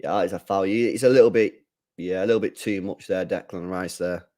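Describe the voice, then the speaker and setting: A man hosts a live football watch-along, chatting in casual slang, reading out chat messages, and bursting into excitement when the play heats up. His voice sits low and he talks fairly quickly.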